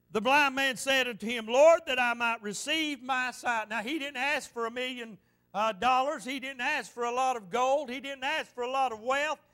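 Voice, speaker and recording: A male pastor delivering a fervent sermon. His voice is high and bright with a sharp, forceful edge. He repeats phrases for emphasis and tells stories as he preaches. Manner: fervent, repetitive preaching with storytelling.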